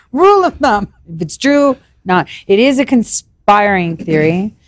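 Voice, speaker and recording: A woman's voice: mid-range voice, big pitch swings, a little slow, no room sound. A woman chatting and joking as a guest on a podcast, laughing often. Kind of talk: casual chat.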